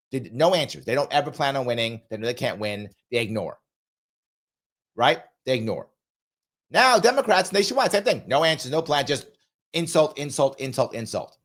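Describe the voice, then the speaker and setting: A man hosting a political commentary livestream, emphatic and repetitive, reading out viewer super chats while getting over a cold. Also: fairly high pitch. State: recovering from a cold, coughing.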